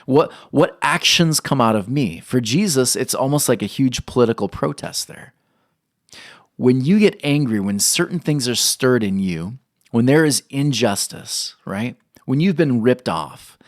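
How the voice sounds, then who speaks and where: A man's voice: medium pitch, no echo, studio quality. Earnest man preaching a sermon. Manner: earnest, asks the listeners questions. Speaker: pastor.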